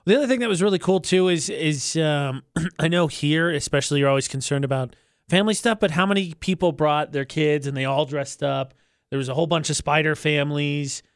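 A man's voice: fairly high pitch, fairly quick, smooth, dry recording, clean studio sound. A man co-hosting a casual podcast chat, talking with enthusiasm and rambling through restarts. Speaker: co-host.

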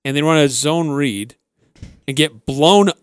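A man's voice: a little high, measured pace, smooth, no echo. Dry-voiced male sports radio host. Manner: animated play-by-play recounting. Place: radio studio.

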